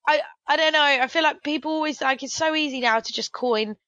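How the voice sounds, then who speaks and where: A chatty British woman hosting a casual podcast, hedging her points and filling with "like". Her voice is fairly high. The recording is dry and a little dull. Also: fairly quick, bright, forceful tone, no echo. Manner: chatty, hedging with lots of likes. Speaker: podcast host. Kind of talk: casual chat.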